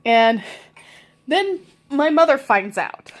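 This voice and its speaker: Woman, around 40, fairly high voice, casual storytelling, rambling, lots of fillers. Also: big pitch swings, slow. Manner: rambling, many fillers, laughs while telling. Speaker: vlogger telling stories.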